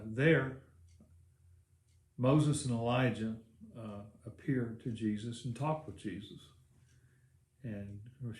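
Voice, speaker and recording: A man's voice: lowish voice, a little mellow, a little hiss or hum. A male pastor preaching a sermon, telling the story in a casual, rambling way with many fillers. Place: church. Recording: echoey church room.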